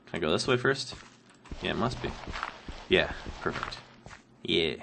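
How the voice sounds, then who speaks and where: Rambling deep-voiced sick man gaming. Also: animated, unhurried, vocal fry, background noise. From Canada. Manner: rambling, laughs often, thinks aloud with many ums. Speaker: Minecraft let's player answering viewer questions. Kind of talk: casual gameplay commentary.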